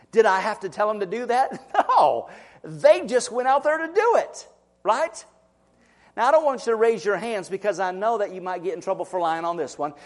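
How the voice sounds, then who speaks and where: High-voiced man preaching a folksy sermon. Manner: folksy, lively preaching with laughs and call-outs to the congregation. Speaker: pastor. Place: church.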